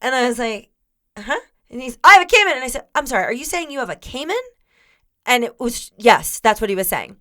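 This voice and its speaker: A woman's voice: a little high, expressive, a little fast, fairly bright tone. A woman co-hosting a podcast, rambling through a story in casual chat, swearing and laughing often. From Florida. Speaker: podcast co-host.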